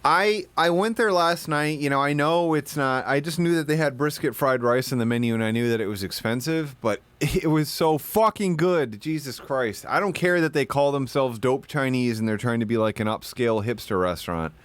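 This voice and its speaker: A male streamer chatting casually into a desk mic, swearing freely and wandering from tangent to tangent. His voice sits at an ordinary middle pitch and sounds dry and close, with no room around it. He breaks into loud put-on voices when he acts out his stories. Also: normal speed, few pauses, clear, resonant tone, no echo. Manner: profane, rambling storyteller who puts on shouted voices. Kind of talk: casual livestream chat.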